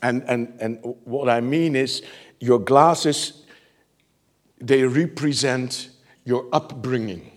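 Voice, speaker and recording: A male preacher giving an animated sermon, laughing often and swinging from shouts to near-whispers. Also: medium pitch, slow pace.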